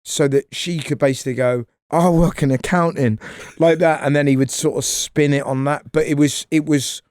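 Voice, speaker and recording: Rambling comedian, casual chat. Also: male voice, a little high, a little fast, clean tone, no room sound, clean studio sound. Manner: rambling, animated, swears freely. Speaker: comedian guest.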